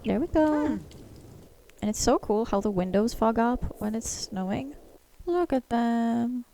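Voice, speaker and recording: A young woman hosting a life-sim let's-play, chatting in an excitable, gushing way. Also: a little high, measured pace, background noise. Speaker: gaming channel host.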